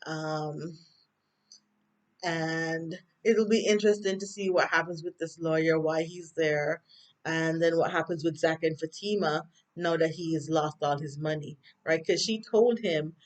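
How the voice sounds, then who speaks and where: A woman's voice: low-pitched, fairly even intonation, measured pace. Chatty Jamaican woman recapping a show. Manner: chatty, rambling, with frequent fillers and laughs. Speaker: TV recap vlogger. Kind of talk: casual episode recap.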